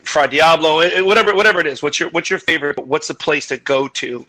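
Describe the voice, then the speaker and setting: A man hosting a video-call chat, loud, excitable and teasing as he tells stories. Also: fairly high pitch, fast, low-quality recording. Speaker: host.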